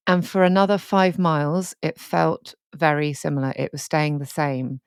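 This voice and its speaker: A woman's voice: low-pitched, fairly even intonation, a little fast, gravelly, hardly any pauses, smooth, no echo, studio quality. A woman co-hosting a podcast, telling a candid, sweary, emotional story in casual chat. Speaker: podcast co-host.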